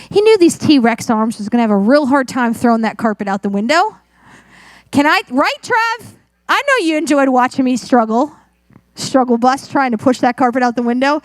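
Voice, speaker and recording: A woman's voice: sits high, lively intonation, normal speed, dry recording. A middle-aged woman pastor preaching a sermon in a chatty, self-mocking storytelling way.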